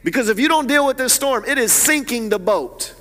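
Pastor, male, high voice, animated sermon delivery with hushed-to-loud swings. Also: fairly quick, long reverb tail.

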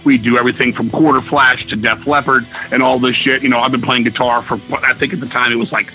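A man's voice: mid-range voice, fast talker, faint music behind, rough recording. A man, a musician guest telling stories over a call, swearing a lot and acting out quoted dialogue. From Virginia, US. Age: 50s. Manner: profane, excitable, acts out quoted dialogue. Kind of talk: casual interview storytelling. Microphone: phone call-in.

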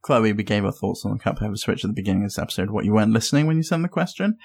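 A man's voice: lowish voice, lively intonation, rapid-fire, vocal fry, darkish tone, breathy edge. A British man co-hosting a gaming podcast in casual, self-deprecating chat. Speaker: podcast co-host.

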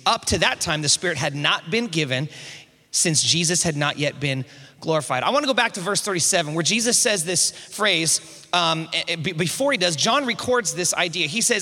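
A man's voice: high voice, animated, fairly quick, sharp tone, long reverb tail. A man preaching a sermon, calling the congregation to answer back and often repeating words as he builds up. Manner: call-and-response, rising to emphatic preaching; repeats words at starts of phrases.

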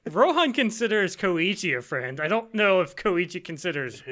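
A man's voice: sits high, sing-song, normal speed, fairly bright tone. A man co-hosting a casual podcast chat, making dry, wry remarks. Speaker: podcast co-host.

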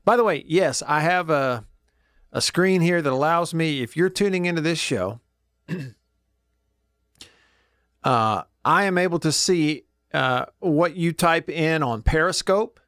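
A man's voice: on the high side, a little slow, fairly bright tone, clean tone, no echo. A middle-aged man hosting a radio show in casual, folksy chat, thinking aloud as he works his screens in the studio. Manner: folksy and chatty, thinks aloud while clicking around. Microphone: studio microphone.

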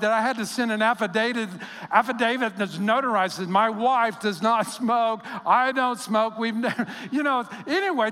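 A male pastor with a high, bright voice delivers a sermon in a hall with a long echo. He tells stories with animated quoted voices, then drops to a soft hush to stress a point.

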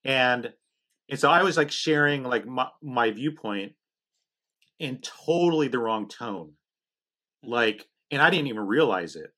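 A middle-aged man hosting a faith conversation, telling a family story in a quick, chatty, animated way. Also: mid-range voice.

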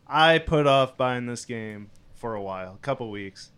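A man in a casual group chat, animated and ranting as he tells a story, swearing often. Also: mid-range voice, normal speed, clear, resonant tone.

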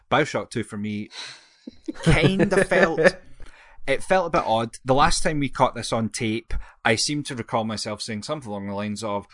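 A male podcast co-host rambles through his opinions in a casual, jokey chat, often correcting himself along the way. His voice is fairly low and a bit bright at a moderate pace, in a dry, studio-quality recording.

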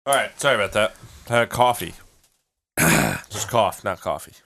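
A man co-hosting a podcast in a basement, cracking deadpan jokes and steering the talk. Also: fairly low pitch, normal speed. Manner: deadpan jokey, steering the show. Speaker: podcast co-host. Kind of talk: casual banter. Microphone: podcast mic.

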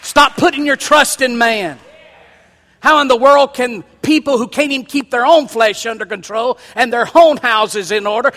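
A pastor preaching a sermon in a high, bright voice that climbs into loud, emphatic calls. His words ring out with a long reverb, the sound of a big church sanctuary.

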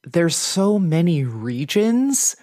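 A woman's voice: lowish voice, sing-song, slow, mellow. A woman podcast co-host chatting in a rambling, playful way. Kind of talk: casual chat.

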